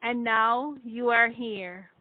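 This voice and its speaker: A woman voicing a gentle, earnest man back from another world, speaking calmly and formally. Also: fairly high pitch, slow, dry recording. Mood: tender. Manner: calm, formal speech. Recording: tinny phone-like dry sound.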